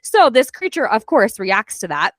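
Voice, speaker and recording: A woman's voice: fairly high pitch, very animated, normal speed, dry recording. A woman hosting a book club podcast, chatting casually with many fillers as she recaps a story and acts out character lines.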